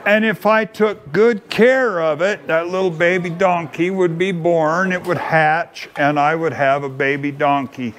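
A man telling a homespun childhood story at an open mic, in an unhurried, playfully earnest folksy manner. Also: fairly high pitch, steady tone, a bit bright. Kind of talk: folksy spoken storytelling to an audience.

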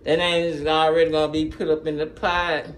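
This gaming YouTuber talks a little fast in a fairly high voice with little pitch movement. In a casual phone-recorded vlog chat, he rambles in slang, laughs frequently and keeps switching topics.

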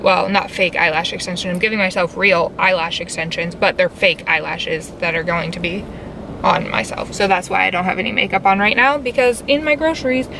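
A woman's voice: lowish voice, steady tone, fairly quick. A young woman vlogging casually from inside a car, rambling with lots of fillers. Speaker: vlogger and tarantula keeper. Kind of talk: casual vlog chat. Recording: vehicle noise behind.

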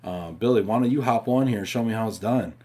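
A man's voice: fairly low pitch, quick pace, dark tone. A man hosting a live stream from home, chatting casually and reading viewer questions, upbeat and talking straight to his audience. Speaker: host of a live show.

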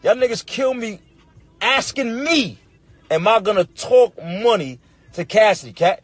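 A young man ranting into his phone in an emphatic, repetitive, profane way, working himself up to loud outbursts. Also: high-pitched, expressive, measured pace, dry recording, soft background music. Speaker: battle rapper on a livestream. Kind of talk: heated casual rant.

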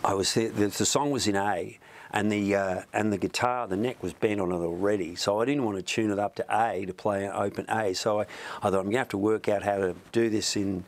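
Chatty man, low voice. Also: steady tone, fairly quick. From Australia. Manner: rambling, chatty, many restarts. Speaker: musician guest. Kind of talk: storytelling in an interview. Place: music studio.

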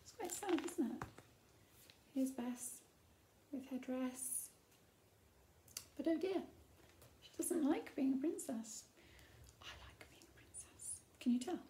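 A woman's voice: high-pitched, animated, slow, pauses often, mellow, slight background noise. A woman reading a picture book aloud to children, adding chatty asides and playful whispered remarks. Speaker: storytime reader.

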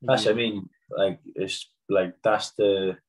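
A young Welsh man with a Welsh accent, chatting as a podcast guest and telling quick, animated stories with casual swearing. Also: deep voice, rough recording. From Wales. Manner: fast, animated storytelling with swearing. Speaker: guest rugby player.

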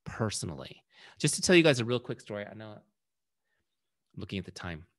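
A man's voice: on the low side, sing-song, fairly quick. A man leading a casual sales training session, telling a story and acting out quoted lines in a conversational way.

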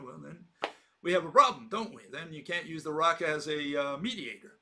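A man's voice: fairly high pitch, fairly quick, pushed and bright. A man giving an argumentative, emphatic monologue, full of repetition and rhetorical questions. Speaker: host. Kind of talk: lecturing monologue.

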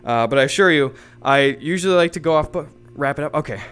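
A man improvising a comedic role-play in a rambling, halting manner, his speech full of fillers and restarts. His voice sits a little high and sounds bright and smooth. He is streaming from a home setup. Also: soft background music. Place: home streaming setup, playing in virtual reality.

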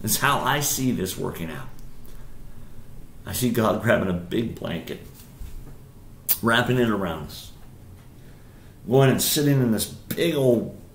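Conversational preacher in an echoey room. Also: male voice, on the low side, lively intonation, a little slow, long pauses, a little hiss or hum. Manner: conversational, rising to emphatic bursts, frequent restarts. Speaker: pastor. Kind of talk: sermon.

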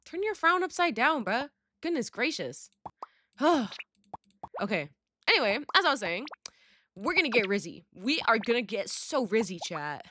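A young woman chats through a game in a bubbly, dramatic way, full of slang and sudden squeals. Her voice is bright and swoops all over. Faint noise sits behind her. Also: on the high side, big pitch swings, unhurried, pauses often. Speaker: gaming YouTuber. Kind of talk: casual gaming commentary.

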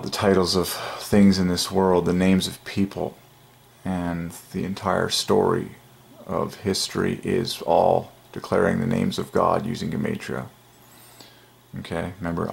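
A man with a very deep, heavily gravelly voice delivers an excited religious monologue straight to his viewers. He talks emphatically and keeps breaking into little chuckles. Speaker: channel host. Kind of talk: casual religious monologue to camera.

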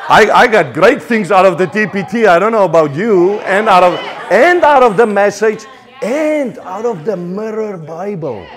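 A man's voice: high-pitched, animated, moderate pace, some chatter behind. A man with a South African accent preaching a sermon passionately, with frequent stammered restarts.

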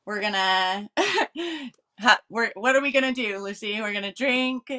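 Californian woman, co-host, bright edge, giggly and chatty. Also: a little high, expressive, measured pace. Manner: giggly, laughs between phrases. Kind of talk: casual live-stream chat.

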